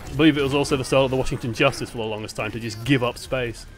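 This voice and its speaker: A young man giving casual match breakdown commentary, chatty and animated, swearing freely. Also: mid-range voice, rapid-fire. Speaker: esports analyst.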